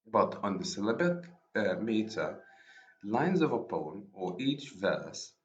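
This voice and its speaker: Echoey lo-fi male lecturer, low voice. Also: very animated. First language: Arabic. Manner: explains slowly, repeats and rephrases himself. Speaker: university lecturer. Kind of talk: recorded poetry lecture. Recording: echoey room, dull lo-fi sound.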